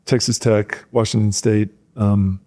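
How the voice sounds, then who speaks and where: Mellow-voiced middle-aged man telling stories. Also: fairly low pitch, measured pace. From rural Wisconsin. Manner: animated storyteller, acts out coaches' shouts in a raised voice. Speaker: guest, former football player and coach. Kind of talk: casual storytelling in a podcast interview.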